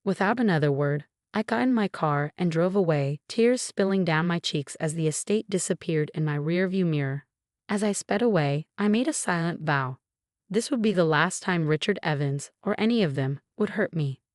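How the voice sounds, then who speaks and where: Brief: woman storyteller, low voice, dry close recording. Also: animated, normal speed, no room sound. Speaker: narrator. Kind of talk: scripted first-person story narration.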